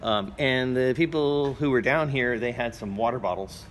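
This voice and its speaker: A man's voice: mid-range voice, normal speed, a bit bright, a little hiss or hum. A man vlogging a casual first-person story at home, rambling and plain-spoken with many fillers. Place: his apartment and building, walking around.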